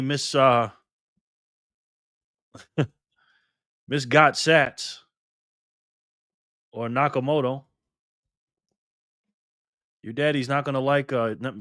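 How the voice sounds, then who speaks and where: A man chats casually on a livestream, cheerful and quick to greet each viewer. His voice sits at a middle pitch. The sound is dry and close, with no room echo. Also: fairly bright tone. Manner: upbeat, greets viewers one by one. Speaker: livestream host.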